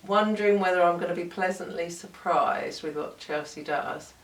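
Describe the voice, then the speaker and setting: A woman's voice: on the low side, normal speed. Middle-aged woman, self-mocking, roomy. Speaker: vlogger's mother, guest. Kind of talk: casual chat. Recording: roomy sound, mic at a distance.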